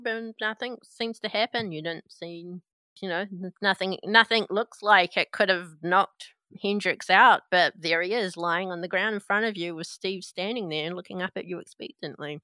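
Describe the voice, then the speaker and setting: Bright, crisp woman narrating a game. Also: medium pitch, moderate pace, no echo. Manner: lively, descriptive storytelling. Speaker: game master.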